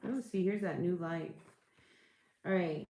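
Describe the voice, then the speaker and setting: A woman's voice: lowish voice, unhurried, mellow, roomy sound. A woman doing a casual tarot reading, rambling and searching for words, reassuring her listeners. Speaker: tarot reader.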